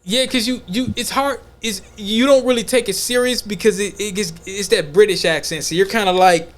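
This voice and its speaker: A man hosting a podcast, talking in a loose, slangy, animated way in casual chat. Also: sits high, moderate pace. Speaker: podcast host.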